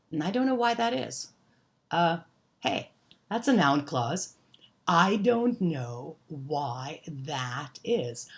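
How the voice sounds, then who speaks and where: A woman teaching an English grammar lesson, explaining examples slowly and deliberately. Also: low-pitched, a little mellow. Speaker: ESL teacher.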